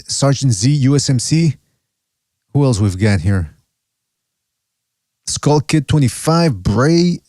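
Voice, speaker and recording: A man hosts a live podcast in loose, rambling chat. He keeps stopping himself mid-thought and swears casually. His voice sits at a middling pitch and is recorded dry, with no room sound. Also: a little mellow, no room sound. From Canada. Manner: rambling, self-interrupting, profane. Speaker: podcast host.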